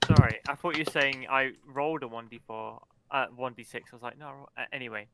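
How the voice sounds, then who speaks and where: A man's voice: medium pitch, fairly even intonation, fast talker, a bit bright, clear, resonant tone, no echo. A man playing a character at a tabletop game, hesitant and apologetic with stammered restarts. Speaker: player.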